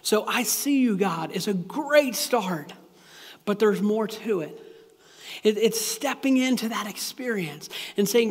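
A man preaching a sermon as a pastor, earnest and animated, often repeating himself. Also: high-pitched, a little slow, breathy edge. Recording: long hall reverb.

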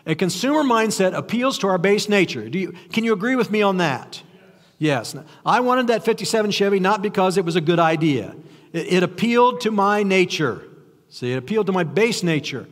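A man's voice: high voice, animated, a little fast. An older man preaching a sermon in a conversational, self-deprecating way, stumbling over restarts and tossing out rhetorical questions. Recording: long hall reverb.

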